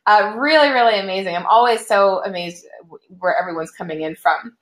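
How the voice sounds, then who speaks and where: A woman's voice: medium pitch, brisk, a bit bright. A young woman hosting a live online webinar, greeting viewers in an upbeat, chatty way with many fillers. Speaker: webinar host. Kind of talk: casual live-stream chat. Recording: echoey room.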